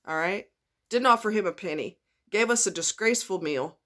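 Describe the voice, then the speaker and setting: A woman's voice: mid-range voice, expressive, brisk, fairly bright tone. A woman ranting angrily into her camera, blunt and profane, repeating herself for emphasis. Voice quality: blunt, swearing, repetitive. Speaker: vlogger. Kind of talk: profane angry rant.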